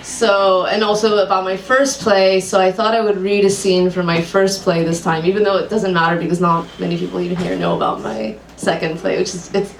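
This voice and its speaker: A woman's voice: fairly low pitch, brisk, hardly any pauses. A woman playwright chatting casually on stage before her reading, giggly and self-deprecating. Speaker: playwright reading at an open mic. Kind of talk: casual rambling stage chat. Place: small club room. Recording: echoey room, distant mic, faint hum.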